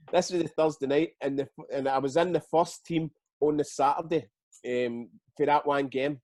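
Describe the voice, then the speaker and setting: A man's voice: a little high, steady tone, moderate pace, a little mellow, dry recording. A middle-aged Scottish man, a retired footballer, telling his career stories in a casual interview, swearing freely and acting out what others said. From Scotland.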